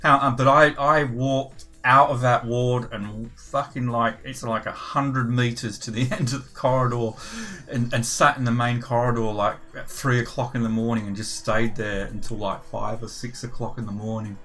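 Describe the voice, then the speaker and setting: A man's voice: mid-range voice, level tone, normal speed, pushed and bright. An older British man chatting casually on a gaming livestream, rambling and swearing freely as he tells a story. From United Kingdom. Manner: rambling and profane, with frequent swearing and restarts. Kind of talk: casual chat.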